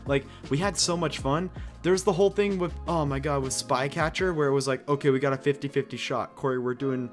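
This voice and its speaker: A young man co-hosting a podcast, excitable and laughing often as he tells stories and swears in casual chat. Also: medium pitch, fairly quick, soft background music. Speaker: podcast co-host.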